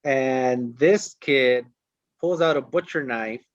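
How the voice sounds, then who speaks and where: A man's voice: medium pitch, slow, no room sound. A man co-hosting a podcast, telling stories in casual chat, swearing constantly and acting out what people said. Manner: animated, swears constantly, acts out quotes. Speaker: podcast co-host. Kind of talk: casual profane storytelling. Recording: dull lo-fi dry sound.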